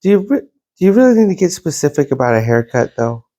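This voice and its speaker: Teasing man with a lively voice. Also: on the high side. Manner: teasing, quick interjections. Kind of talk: casual chat.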